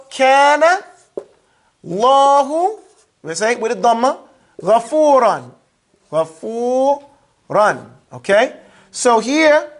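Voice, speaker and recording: Teacher leading a call-and-response class. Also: high voice. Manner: call-and-response prompting, plain everyday examples. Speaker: Arabic grammar teacher. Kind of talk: interactive classroom lesson. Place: classroom with students.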